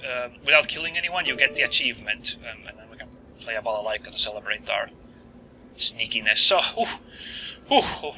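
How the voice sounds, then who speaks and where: Over a low-quality recording with slight background noise, a man with a voice on the high side provides gameplay commentary as a let's play host. He's joking and lively, talking to his viewers as he plays a video game.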